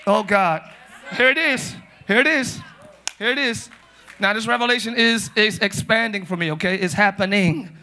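Male pastor, high bright voice, comic shouting sermon, live church. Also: moderate pace. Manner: playful, shouting, mimics churchy prayer voices. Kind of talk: comedic sermon to a live congregation. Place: church sanctuary.

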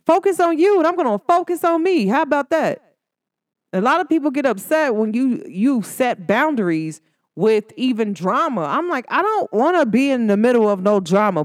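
A woman's voice: fairly high pitch, no echo, clean studio sound. A woman hosting her own podcast, talking casually and emphatically straight to her listeners, full of slang and asides. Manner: emphatic and talkative, addresses listeners directly with slang. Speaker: podcast host. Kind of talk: casual solo podcast monologue.

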